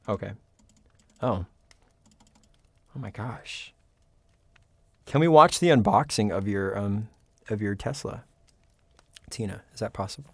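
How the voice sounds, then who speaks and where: A man's voice: fairly low pitch, a little mellow, no echo. A man hosting a livestream, singing along to karaoke and chatting playfully with viewers, laughing often. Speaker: livestream host.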